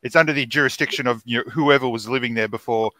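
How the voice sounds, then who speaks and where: A man's voice: medium pitch, quick pace, pushed and bright, dry recording. A man with an Australian accent co-hosting a podcast, giving blunt, opinionated takes and swearing freely in casual chat. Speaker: podcast co-host.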